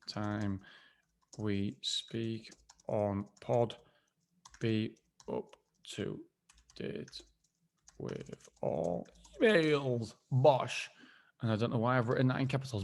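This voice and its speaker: A man in a casual solo podcast, talking at an ordinary middle pitch. He rambles, restarts and repeats phrases, poking fun at himself as he goes. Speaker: podcast host.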